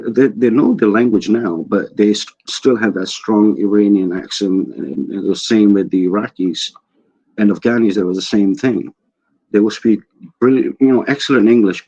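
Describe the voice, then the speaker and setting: A man's voice: lowish voice, a little mellow, highs cut off. A Scottish man in casual chat, easygoing and drifting into anecdotes. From Scotland. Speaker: panel participant.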